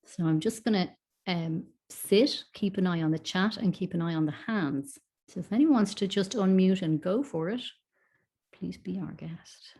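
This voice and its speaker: A woman hosting an online discussion group, her voice sitting a little low. She speaks in a measured, reflective way, picking her words with care as she thinks aloud over a video call. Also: a little mellow. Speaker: session facilitator.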